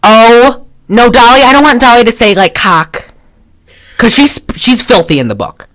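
A woman's voice: fairly high pitch, expressive, moderate pace, fairly bright tone. A woman co-hosting a casual film podcast, rambling with restarts and swearing freely. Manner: rambling, profane, many restarts. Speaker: podcast co-host.

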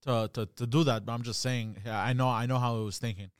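A man's voice: mid-range voice, fairly even intonation, fast talker, smooth, no echo, studio quality. Laid-back man in casual chat. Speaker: podcast co-host.

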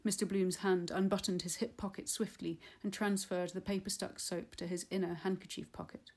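Flat, gravelly woman reading a novel. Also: medium pitch. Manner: measured, unhurried reading. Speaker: audiobook reader. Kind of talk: literary audiobook narration.

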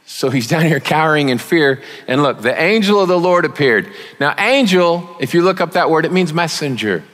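A man preaching as a guest speaker, conversational and joking, with sudden loud emphasis. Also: fairly high pitch, animated, moderate pace. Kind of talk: sermon. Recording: long reverb of a large hall.

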